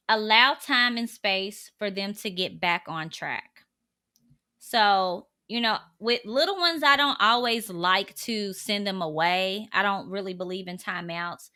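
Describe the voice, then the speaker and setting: A woman's voice: medium pitch, bright, forceful tone. A woman in her thirties talking casually and earnestly to camera, giving parenting advice drawn from her own family. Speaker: parenting vlogger.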